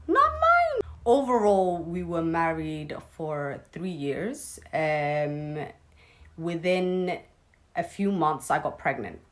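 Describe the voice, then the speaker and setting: Blunt, sweary young woman telling a story. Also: fairly low pitch. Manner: blunt, swears freely, sarcastic asides. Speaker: vlogger. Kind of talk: casual storytime.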